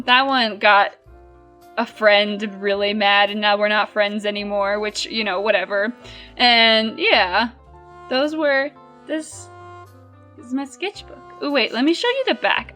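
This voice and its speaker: A young woman in her twenties talks casually to her viewers, rambling and full of fillers. Her voice sits a little high and sounds very bright and clear. Soft music plays faintly behind her. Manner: chatty, rambling, lots of fillers. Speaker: vlogger. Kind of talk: casual chat.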